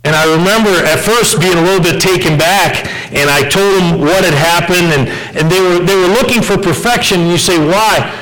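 Male pastor, high-pitched, earnest sermon storyteller with filler-heavy delivery. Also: fairly quick, hardly any pauses, fairly bright tone, poor audio. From United States.

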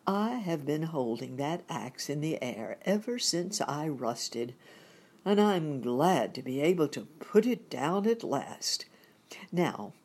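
A woman voicing a polite, sad man made of tin in a storybook reading, speaking slowly and politely. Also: deep voice, darkish tone, breathy edge, heavily acted. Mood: relieved. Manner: slow, polite and sorrowful.

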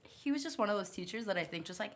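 A woman's voice: mid-range voice, expressive, racing, fairly bright tone. A woman chatting casually with friends, her speech full of "like". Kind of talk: casual chat.

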